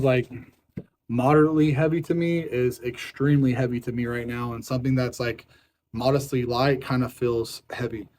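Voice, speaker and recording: A man's voice: medium pitch, darkish tone, slight background noise, rough recording. A young man on a strict diet, hungry and irritable, talking frankly and repeating himself in a casual vlog. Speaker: fitness vlogger on a diet. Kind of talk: casual vlog talk to camera.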